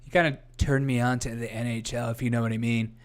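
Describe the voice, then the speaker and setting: A man's voice: mid-range voice, little pitch movement, fast. A man hosting a casual comedy news livestream, rambling, laughing often and reading chat aloud. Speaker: host.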